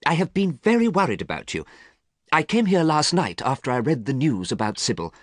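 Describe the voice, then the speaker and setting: A man's voice: a little high, big pitch swings, a little fast, no echo, studio quality, pitched above the performer's own voice. A man voicing a worried, earnest male painter who pleads with a friend, in a storybook reading. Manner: pleading, anxious.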